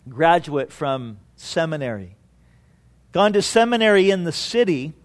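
A male pastor delivers a sermon as a story, slowing down and dropping to a quiet voice on the points that matter. His voice sits high for a man. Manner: storytelling, slows down and drops quiet on key points.

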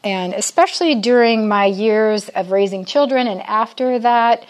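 A woman's voice: medium pitch, measured pace. An older woman giving a chatty, conversational Bible teaching to a group of women, often asking her listeners questions. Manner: chatty, asks the audience questions.

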